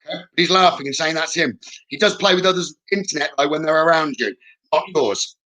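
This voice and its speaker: A man giving a live mediumship reading, his voice bright and a little higher than most men's. He speaks in a reassuring way and keeps checking in with the listener. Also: fairly quick, poor audio. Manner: reassuring, often checks in with "okay?". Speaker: psychic medium.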